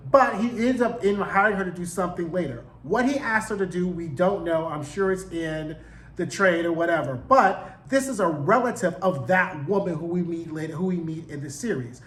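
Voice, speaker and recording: A man giving a casual, slangy recap and review of a TV show, animated and full of profanity. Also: high-pitched, moderate pace, echoey room.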